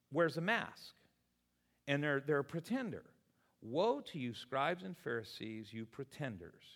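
A man preaches to his congregation, moving easily between scripture and personal stories and acting out the people in them. His voice sits in the middle range and carries the long reverb of a church hall. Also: mid-range voice. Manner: animated storytelling preacher, voices people in anecdotes. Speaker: pastor. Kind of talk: sermon. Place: church sanctuary.

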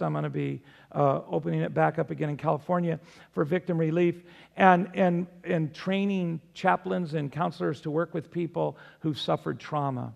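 Older man, pastor, sermon, emphatic preaching, raspy fry-heavy voice, long hall reverb. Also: on the high side, moderate pace, highs cut off. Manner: emphatic preaching, swings between loud and soft.

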